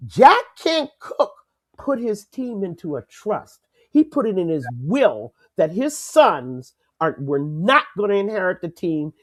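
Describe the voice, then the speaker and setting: An older woman co-hosting a casual sports talk show, lively and emphatic, laughing easily. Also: mid-range voice, a little slow. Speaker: co-host.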